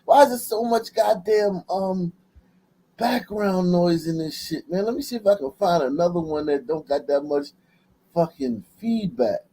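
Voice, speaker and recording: A man's voice: high voice, lively intonation, moderate pace, warm tone, rough recording. A man hosting a livestream, giving blunt, profane commentary and laughing often. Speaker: livestream host.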